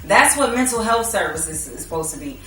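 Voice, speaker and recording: A woman's voice: medium pitch, big pitch swings, brisk, pushed and bright, a little hiss or hum. A woman hosting a podcast, talking casually and arguing her point, laughing easily. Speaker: podcast host. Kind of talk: casual debate. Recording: echoey room, mic at a distance.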